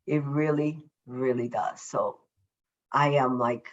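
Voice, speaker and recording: A woman, a self-love coach, talking as a podcast guest over a video call, effusive and emphatic, deliberately slowing down her naturally quick way of speaking. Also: very deep voice, fairly even intonation, muffled recording. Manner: deliberately slowing her usual fast speech. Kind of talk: casual podcast interview.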